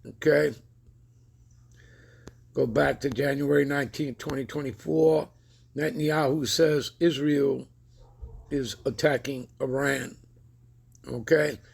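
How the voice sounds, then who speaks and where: Guy preaching in a heavy gravelly fry, keeps tagging "all right?" on everything. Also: medium pitch, fairly even intonation, takes it slowly, long pauses. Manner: keeps checking in with listeners with repeated tag questions; reads scripture aloud with rising emphasis. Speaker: online preacher and commentator. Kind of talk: preaching over news commentary.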